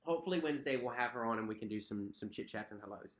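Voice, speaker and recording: A man's voice: medium pitch, lively intonation, rapid-fire, a bit bright. A young man hosting a casual livestream, chatting in a friendly way, reading out viewer comments and repeating himself with many fillers. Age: young adult. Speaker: cruise vlog host. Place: at home.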